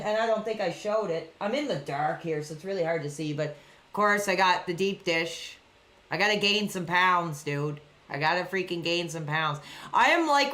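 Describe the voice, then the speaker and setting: Bright-voiced woman streaming live. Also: medium pitch. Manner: chatty, reads out chat messages between excited play-by-play reactions. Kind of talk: casual live-stream chat reacting to a wrestling show. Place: dark room at home.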